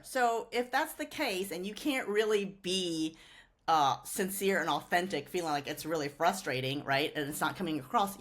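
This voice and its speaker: A woman's voice: on the low side, fairly bright tone. A woman hosting a podcast, a lawyer explaining ideas with examples and often checking in with "right?". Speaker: host, lawyer. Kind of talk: conversational explaining.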